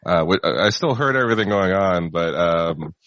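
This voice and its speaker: A man's voice: sits low, expressive, normal speed, fairly bright tone, no room sound. A man guesting on a casual movie podcast, making dry wisecracking asides. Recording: dull dry home recording.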